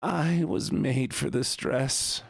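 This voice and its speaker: A man's voice: mid-range voice, slow, creaky, husky, heavily acted. A man putting on a whiny, girly voice in playful live stream banter. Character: high girly voice, man in maid dress.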